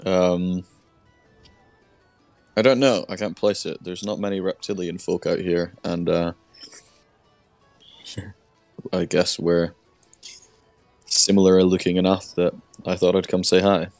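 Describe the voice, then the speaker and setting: Very deep-voiced hesitant male player. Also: level tone, slow pace, long pauses, a little mellow, no room sound, faint music behind. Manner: hesitant, full of um and restarts. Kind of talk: in-character tabletop role-play.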